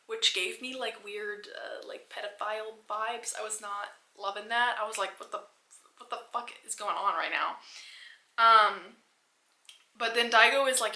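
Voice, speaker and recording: Bright, animated young woman reviewing a movie. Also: medium pitch, reverberant, low-quality recording. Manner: animated, swears a lot, many fillers. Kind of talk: casual movie recap.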